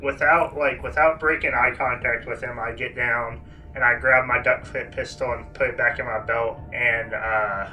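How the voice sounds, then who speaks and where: A man's voice: medium pitch, fairly even intonation, moderate pace, pushed and bright, low-quality recording. A man playing a tabletop role-playing game, hesitant and laconic. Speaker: player.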